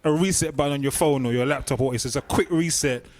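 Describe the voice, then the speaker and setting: A man's voice: medium pitch, fast. A man in a casual podcast chat, talking earnestly and repeating points as he gives advice. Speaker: podcast co-host.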